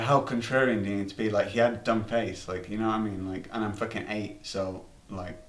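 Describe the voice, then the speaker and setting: A man with a lowish, steady voice rambles through a comic anecdote at a fairly quick clip, swearing freely and restarting his sentences. The distant mic picks him up in a roomy space.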